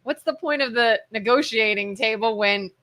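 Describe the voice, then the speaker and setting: A woman co-hosting a local talk radio show, chatty and quick to laugh, in casual political talk. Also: on the high side, sharp tone. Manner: chatty, laughs easily, agreeing backchannels. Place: radio studio.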